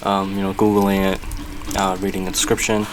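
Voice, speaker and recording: A man with a lowish voice talks through a building session in a loose, rambling way. He thinks aloud, corrects himself and fills gaps with "um" and "like". A faint hiss sits under the voice. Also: monotone, normal speed, rough recording. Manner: rambling, chatty, thinking aloud with many fillers. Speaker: Minecraft builder and channel host. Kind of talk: casual gameplay commentary.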